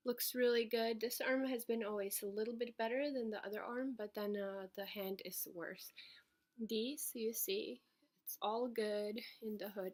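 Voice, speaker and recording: A woman, a little out of breath, giving a casual video update at home into her computer's webcam, speaking in a halting way with many fillers. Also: mid-range voice. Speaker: vlogger.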